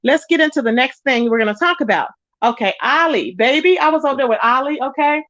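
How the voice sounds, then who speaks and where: A woman hosting a casual gossip livestream, chatty and animated, greeting viewers in the chat by name. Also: fast talker, no room sound. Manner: animated, pitch jumps up when excited. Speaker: live-stream gossip host. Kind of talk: casual live-stream chat. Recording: dull lo-fi sound, dry.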